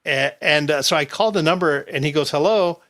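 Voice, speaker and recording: A man's voice: fairly high pitch, a little fast. A man casually telling a long anecdote to friends, acting out what people said and laughing often. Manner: animated storyteller, acts out quotes, laughs often. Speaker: podcast host. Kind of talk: casual storytelling chat.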